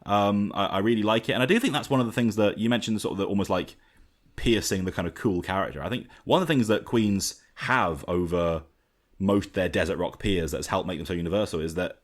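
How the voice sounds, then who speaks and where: A man with a fairly low voice talks through an album on a podcast. His delivery is casual and animated, full of fillers and quick restarts, like chatting with friends. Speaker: podcast host. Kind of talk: casual album review chat.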